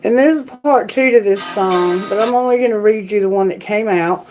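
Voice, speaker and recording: A woman tarot reader talking casually to her live-stream viewers, unhurried and with fillers. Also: medium pitch, music in the background, rough recording. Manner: slow, unhurried talk with fillers.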